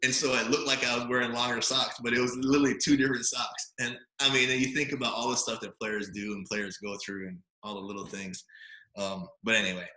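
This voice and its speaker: A man in his forties from Hawaii, a podcast guest telling stories in a lively, casual way, full of fillers and "right?" tags. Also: medium pitch, quick pace. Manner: animated storyteller, many fillers and tag questions. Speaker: podcast guest, former quarterback. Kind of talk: storytelling in a casual interview. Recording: roomy echo.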